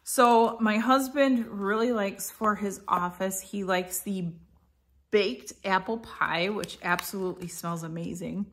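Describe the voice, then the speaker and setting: A woman's voice: mid-range voice, measured pace, a bit bright, a little hiss or hum. A middle-aged woman chatting casually through an unboxing at home, meandering with fillers and self-corrections. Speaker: vlogger reviewing a subscription box.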